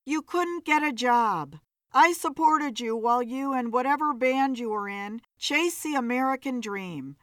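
A woman's voice: sits high, lively intonation, unhurried, fairly bright tone, no room sound, studio quality. A woman voicing a blunt, weary female bartender in an audiobook story.

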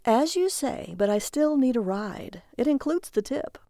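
Woman doing a cold serious businessman, short answers, crisp voice. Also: sits high, big pitch swings, a little slow, dark tone, no room sound, studio quality, voice pushed up, exaggerated voice. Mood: curt. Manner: curt, cold. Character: tall stern serious businessman, icy and terse.

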